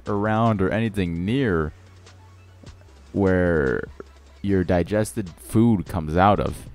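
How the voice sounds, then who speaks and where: A man's voice: fairly low pitch, a little mellow. A young man telling a story over game footage in a sarcastic, exasperated rant. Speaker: channel host.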